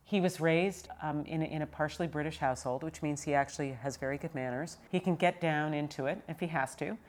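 A woman hosting a casual interview, telling stories in a chatty, animated way. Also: low-pitched, quick pace. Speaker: host.

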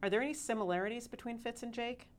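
A woman's voice: fairly high pitch, fast. A woman hosting a podcast, chatting casually with guests, teasing and laughing often. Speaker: podcast host. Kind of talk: casual chat.

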